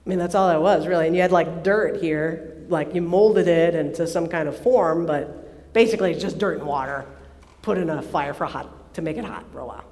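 A woman preaching a sermon to a live audience, animated and playful, often asking the listeners questions. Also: on the low side, fairly quick. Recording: long hall reverb from a live service.

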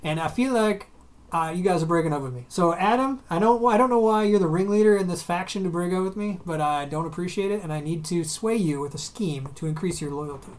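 A man's voice: high-pitched, fairly quick. A man co-hosting a podcast in casual chat, joking, laughing often and trailing off mid-sentence. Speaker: podcast co-host.

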